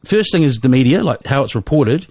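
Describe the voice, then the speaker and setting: A New man hosting a podcast, jumping in casually with quick questions. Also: mid-range voice, expressive, a little mellow, no echo, clean studio sound. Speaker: podcast host. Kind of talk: interview questions.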